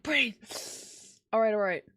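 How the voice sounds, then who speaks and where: Bright, lively-voiced woman streamer. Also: a little high, unhurried. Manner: gushing and excitable, talks to chat. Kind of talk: casual live-stream chat.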